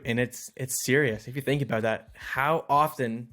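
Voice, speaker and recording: A man's voice: medium pitch, normal speed, fairly bright tone. A man co-hosting a podcast in casual chat, easygoing and joking, agreeing readily. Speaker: podcast co-host.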